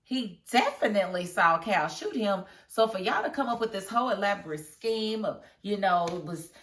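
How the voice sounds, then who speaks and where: A chatty woman talks through a TV episode review in a relaxed, casual way, laughing often as she retells scenes. Her voice sits at a middling pitch and carries a roomy echo. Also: normal speed, far from the mic.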